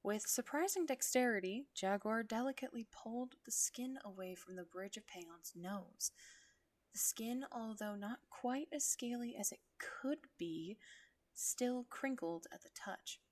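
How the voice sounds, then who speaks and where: A woman reading fan fiction aloud on a stream, unhurried, breaking off to laugh at herself. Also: on the high side.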